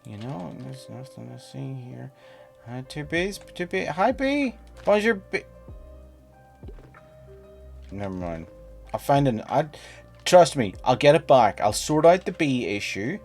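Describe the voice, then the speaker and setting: Playful man streaming a game, animated. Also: mid-range voice, unhurried, gravelly, faint music behind. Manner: playful, chatty, talks to game creatures, bursts of laughter. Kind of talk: casual gameplay stream chat.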